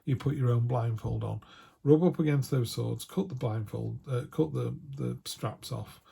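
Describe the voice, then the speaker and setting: A man's voice: mid-range voice, moderate pace, gravelly, dark tone, husky. A man giving a casual tarot reading, chatty and full of restarts. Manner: chatty, quotes imagined voices, frequent restarts. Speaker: tarot reader.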